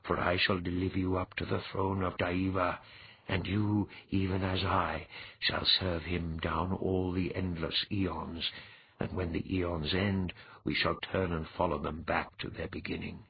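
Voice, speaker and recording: A man reading an audiobook, voicing an ancient, menacing male god who speaks slowly and solemnly. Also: deep voice, flat delivery, gravelly, a little hiss or hum. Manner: slow, solemn, threatening. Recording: dull lo-fi.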